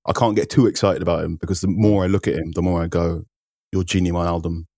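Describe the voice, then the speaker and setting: A man's voice: sits low, steady tone, quick pace, dark tone, slightly rough, no room sound, studio quality. A man, a football writer guest, explaining transfer ideas in detail and acting out quotes. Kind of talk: analytical football chat.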